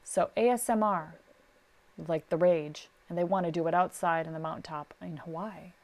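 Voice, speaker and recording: On an advice-focused podcast, a middle-aged woman who records sound for a living tells stories in a lively way, voicing the people in them. She speaks at a moderate pace with a fairly low pitch.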